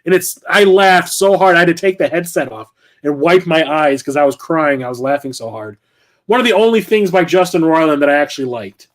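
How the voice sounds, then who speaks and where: A middle-aged man chatting casually about his game collection, rambling, correcting himself and swearing freely. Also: on the high side. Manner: rambling, profane, self-correcting. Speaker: game collector and channel host. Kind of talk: casual vlog chat.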